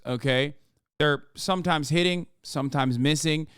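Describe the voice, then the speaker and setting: A man's voice: on the high side, moderate pace, fairly bright tone, clear, resonant tone, no room sound, studio quality. A man in his thirties streaming, reacting to clips with profane, exasperated commentary.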